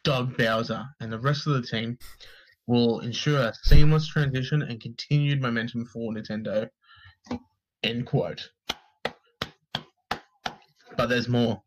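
A man's voice: mid-range voice, fairly even intonation, unhurried, long pauses, poor audio. A man co-hosting a podcast, reading gaming news aloud in a casual, sweary, joking way and tripping over names. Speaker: podcast co-host.

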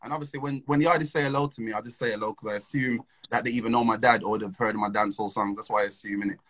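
A man's voice: fairly low pitch, fairly even intonation, racing, a bit bright, low-quality recording. A young man, telling a story in casual, slang-filled chat and laughing between phrases. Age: young adult.

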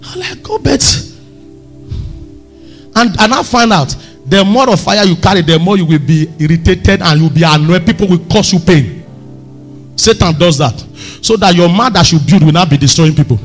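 A man preaching a sermon, telling stories with lively swings and sudden shouts. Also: sits high, a little fast, faint music behind. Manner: animated, storytelling, bursts into shouts. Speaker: pastor.

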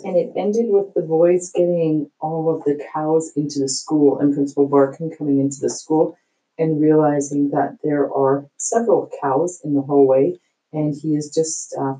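A woman's voice: low-pitched, warm tone, rough recording. A woman reading a children's book aloud, stopping to explain hard words with small fillers. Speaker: reader.

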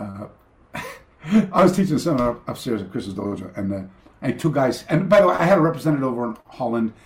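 A man telling stories as a guest on a video call, wandering off on side tracks and circling back. His pitch swings widely as he talks. The room around him sounds roomy and echoey. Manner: rambling, self-interrupting, many fillers and restarts. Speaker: karate master, podcast guest. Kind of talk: anecdotal storytelling in a remote interview.

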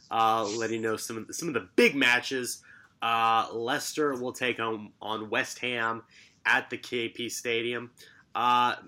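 Male podcast co-host, bright forceful tone, sarcastic, brisk fixture rundown. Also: medium pitch, a little hiss or hum. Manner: lively, rattles through fixture lists with sarcastic asides. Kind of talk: casual sports podcast chat.

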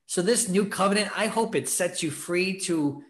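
A man preaching earnestly on a faith podcast, urging his listeners on. His voice sits a little high for a man. He now and then acts out what people in the story think. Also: moderate pace. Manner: earnest, exhorting, acts out quoted thoughts. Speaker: podcast host teaching on scripture. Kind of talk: preaching talk, casual.

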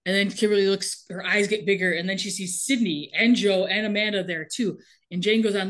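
A chatty woman recapping a soap episode with lively storytelling and frequent laughs. Her voice sits at an ordinary mid pitch, relaxed and conversational. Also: moderate pace. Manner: animated, storytelling, laughs often. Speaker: podcast co-host recapping a TV show. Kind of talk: casual chat, recapping episode.

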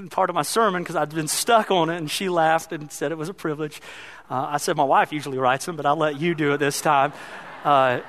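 High-voiced preacher, heartfelt and building. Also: male voice. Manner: heartfelt, repeating phrases, building to loud emphatic passages. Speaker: pastor. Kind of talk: sermon.

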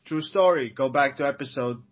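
A man's voice: mid-range voice, a little fast, muffled recording. A man co-hosting a podcast, speaking playful English with phrasing. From Latvia. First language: Latvian. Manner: playful, mock-formal, non-native phrasing. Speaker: strength coach, co-host. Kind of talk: casual podcast chat.

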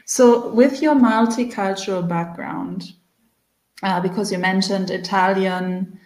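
A woman's voice: medium pitch, steady tone, slow pace, darkish tone. A woman hosting a podcast interview, asking questions attentively and reflecting back what her guest says. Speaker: podcast host. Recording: echoey room.

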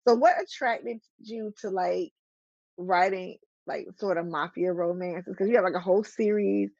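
A woman's voice: medium pitch, normal speed, a little mellow, no room sound, highs cut off. A woman hosting an interview, chatty and enthusiastic, with plenty of fillers. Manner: chatty and enthusiastic, many fillers and back-channel "mm-hmm"s. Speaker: interview host. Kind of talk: casual interview chat.

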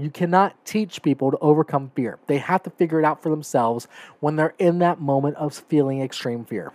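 His voice is fairly high and darkish, his delivery brisk, with no room sound in the recording. On his opinionated solo podcast, he hammers his points home, checking in with "right?" and "okay?" as he heats up.

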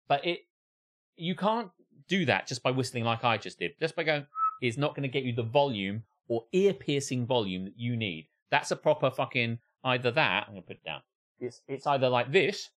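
A man holds forth as a podcast co-host, swearing freely and acting out scenes as he rants. His pitch swings widely from high to low while he tells his stories. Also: brisk. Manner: sweary, animated ranting with acted-out impressions. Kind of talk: casual chat.

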